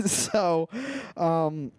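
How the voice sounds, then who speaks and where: A man's voice: a little high, steady tone, drawn-out words, darkish tone, smooth, no room sound, clean studio sound. A young man co-hosting a podcast, casually recapping a film in a rambling way and acting out its lines. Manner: rambling, acts out movie lines with laughs. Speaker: podcast co-host.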